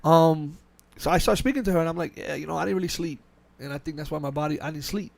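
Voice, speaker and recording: A man hosting a casual podcast, telling a work story quickly and animatedly, with many restarts and quoted back-and-forth dialogue. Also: fairly high pitch, creaky, darkish tone, dry recording. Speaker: podcast host. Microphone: podcast mic.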